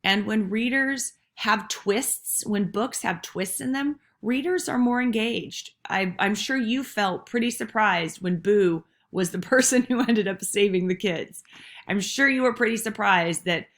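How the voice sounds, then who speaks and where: A woman's voice: medium pitch, measured pace, fairly bright tone. Casual woman teacher explaining essays. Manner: casual and encouraging, frank asides. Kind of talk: recorded classroom lesson on essay writing.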